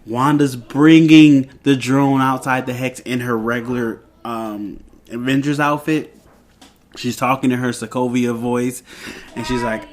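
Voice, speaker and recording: A male reviewer walks through an episode in a loose, conversational recap. He rambles, circles back and fills pauses often, in a medium-pitched, everyday voice. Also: fairly even intonation. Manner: rambling, with many fillers and restarts.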